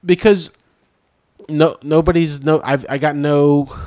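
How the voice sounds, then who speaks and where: A man's voice: on the high side, steady tone, measured pace, darkish tone, no room sound, studio quality. A man who hosts a comedy podcast, telling a story in casual chat, acting out both sides of the quoted exchange, swearing casually and laughing often.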